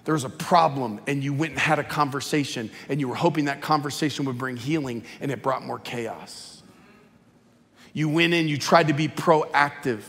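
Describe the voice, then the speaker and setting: A man's voice: medium pitch, moderate pace. Impassioned male pastor in an echoey hall. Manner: impassioned and conversational, often dropping quiet. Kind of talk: sermon. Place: large church auditorium. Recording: echoey reverb of a large hall.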